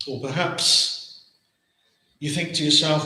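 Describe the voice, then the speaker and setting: A man's voice: fairly high pitch, fairly even intonation, measured pace, long pauses, sharp tone. A man with an English accent preaching a sermon as pastor, earnest, with many rhetorical questions and repeated words. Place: church hall. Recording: very echoey church hall.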